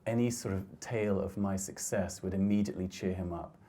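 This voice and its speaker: A middle-aged man with a low, mellow voice talks through his photographs in a lecture hall. He speaks gently and thoughtfully, often stopping to restart his sentences. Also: fairly even intonation, fairly quick. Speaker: photographer giving a talk. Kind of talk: reflective slide talk.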